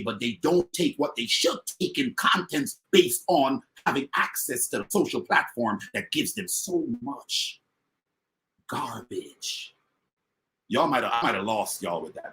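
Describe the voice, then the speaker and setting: A man giving a fired-up motivational business talk to an online audience, emphatic and repetitive, swinging from loud to quiet. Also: mid-range voice. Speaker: motivational speaker and business coach.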